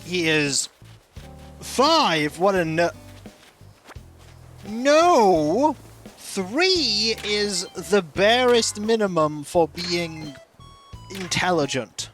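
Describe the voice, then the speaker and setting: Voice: mid-range voice, very animated, slow, fairly bright tone, soft background music. Streamer with dry, joking asides. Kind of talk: casual commentary while playing a game.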